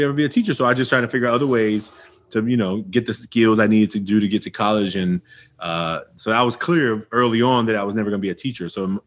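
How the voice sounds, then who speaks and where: Lively storytelling man, low voice. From Oakland, California. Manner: animated storyteller acting out past dialogue. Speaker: guest. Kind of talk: storytelling interview.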